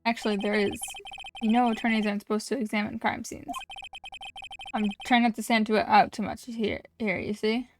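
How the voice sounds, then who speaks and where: A woman's voice: mid-range voice, little pitch movement, brisk, noisy background, natural voice. A woman voicing a puzzled young male defense attorney in a plain, questioning way. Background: game music.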